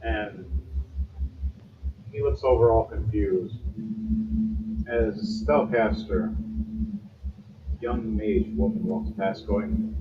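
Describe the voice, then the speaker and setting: A man narrating as game master of a tabletop game in a relaxed, unhurried way, recorded distant in a roomy space with noise. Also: lowish voice. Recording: roomy, distant, dull, noisy.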